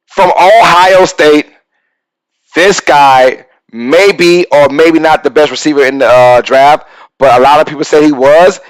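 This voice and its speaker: Excitable new guy hosting a live sports stream, voice sits a bit high, riffs on chat. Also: low-quality recording. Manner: excitable, reads and answers chat comments. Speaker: sports talk show host.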